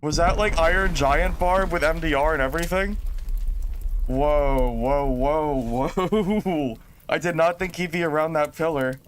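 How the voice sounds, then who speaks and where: A man streaming a game, talking casually and exclaiming often in excitement. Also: on the high side, a little slow, a little hiss or hum.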